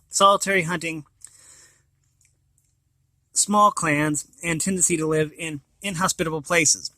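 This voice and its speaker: Bright-voiced man reading a picture book. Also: on the high side, fairly even intonation, unhurried, long pauses, no room sound. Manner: stops to describe the pictures, restarts words. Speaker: reader of children's books.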